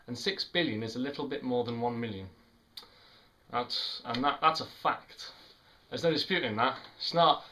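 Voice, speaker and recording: A man's voice: fairly high pitch, expressive, measured pace, pauses often, sharp tone. A young man from the United Kingdom talking casually and rambling cheerfully in a vlog about his song and friends. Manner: chatty, upbeat, rambling with self-corrections. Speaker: vlogger and songwriter.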